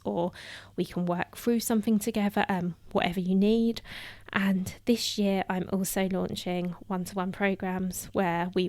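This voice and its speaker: A woman's voice: medium pitch, a little mellow, no room sound. A woman hosting her own podcast alone, chatting in a loose, filler-heavy way and sounding a little out of breath. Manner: chatty, full of "um" fillers and restarts. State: somewhat out of breath. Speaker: podcast host. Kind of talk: solo podcast talk.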